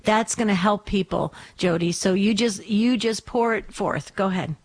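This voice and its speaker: Encouraging woman radio host. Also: mid-range voice. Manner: warm, encouraging, unhurried. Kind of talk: call-in radio show hosting.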